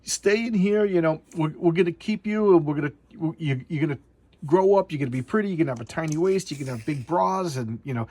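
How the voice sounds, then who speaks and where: A man voicing creepy doll demons in a high, mocking singsong while recapping a comic. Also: fast, a little mellow, lightly acted.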